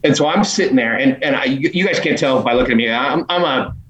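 A man telling stories as a podcast guest in an animated, casual way, laughing often and swearing freely. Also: medium pitch, a little fast, a little hiss or hum. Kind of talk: casual storytelling. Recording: roomy echo.

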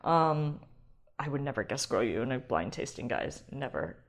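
A woman hosting a wine podcast alone, talking casually and excitably and often sidetracking herself. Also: extremely low pitch, moderate pace. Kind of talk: casual solo wine talk.

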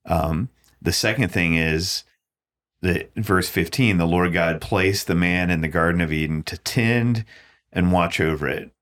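A man's voice: sits low, measured pace, fairly bright tone. A man co-hosting a podcast, talking through a Bible passage in a thoughtful, reflective way. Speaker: podcast co-host. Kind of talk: casual Bible discussion.

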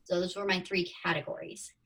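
Husky-voiced woman telling her story. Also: on the low side, flat delivery, a little fast, a bit bright. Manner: chatty, acts out her own past thoughts in quotes. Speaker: podcast guest. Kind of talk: casual interview storytelling. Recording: distant from the mic.

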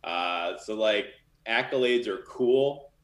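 A man's voice: lowish voice, slow, reverberant. A man talking casually and candidly as a guest in an interview, with lots of fillers. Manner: loose and candid, many fillers. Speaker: literary manager.

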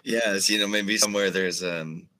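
Male podcast host, deep voice, slow halting chat, bright tone. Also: steady tone. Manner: laid-back, halting with fillers. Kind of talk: casual chat.

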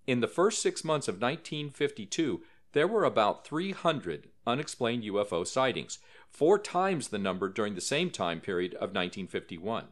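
A man's voice: mid-range voice, big pitch swings, moderate pace. A man narrating a documentary-style story in a scripted, dramatic way, lifting his voice for quoted lines.

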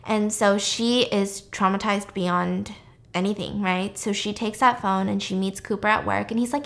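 A woman's voice: medium pitch, steady tone, gravelly, a bit bright. A woman podcast host casually recapping a film's plot, chatty and full of fillers. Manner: chatty, fast, many fillers.

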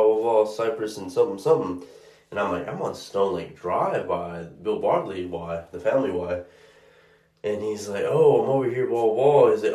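Man, lowish voice, casual storytime rant, swears a lot, exasperated, echoey room. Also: a little mellow. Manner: profane, exasperated, acts out both sides of dialogue. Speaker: food delivery driver.

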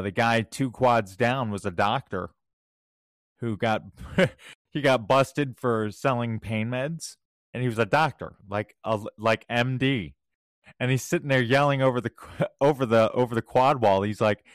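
A man co-hosting a podcast, telling anecdotes casually and getting animated when he acts out what others said. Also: medium pitch, no room sound, clean studio sound. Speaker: podcast co-host.

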